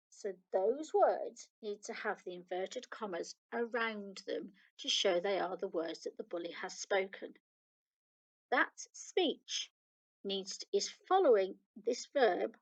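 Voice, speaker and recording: A woman with a British accent teaches young children in a recorded lesson. She reads each example slowly and patiently. Her mid-pitched voice carries a gravelly edge. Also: rough recording. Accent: British English. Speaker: primary school teacher.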